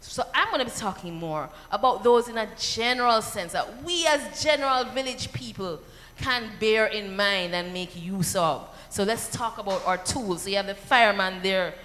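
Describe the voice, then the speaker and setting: A woman with a Jamaican accent giving an animated seminar talk to parents, with rhetorical asides and acted-out quotes. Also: medium pitch, normal speed, a little hiss or hum. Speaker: seminar speaker. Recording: long hall reverb.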